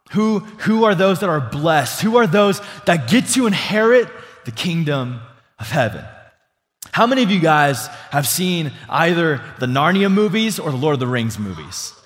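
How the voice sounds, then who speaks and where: Youthful pastor preaching in a reverberant hall. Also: male voice, on the high side, a bit bright. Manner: casual, filler-heavy preaching with lots of "like" and restarts; asks the congregation questions and calls for responses. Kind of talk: sermon. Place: church sanctuary before a congregation.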